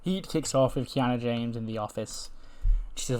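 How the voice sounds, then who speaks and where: A man's voice: medium pitch, normal speed, darkish tone. A man hosting a game channel, casually recounting the events of a wrestling management game in a chatty way.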